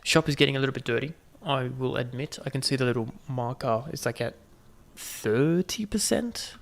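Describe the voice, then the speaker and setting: Gravelly-voiced man chatting over gameplay. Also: medium pitch, steady tone, fast talker, fairly bright tone. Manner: chatty, joking asides to viewers. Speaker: gaming channel host. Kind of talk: casual gameplay commentary.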